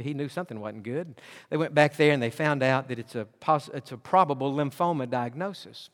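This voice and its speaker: Male pastor, sermon storyteller, earnest and animated, voices the dialogue, slightly high pitch, echoing sanctuary. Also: brisk. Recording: long hall reverb.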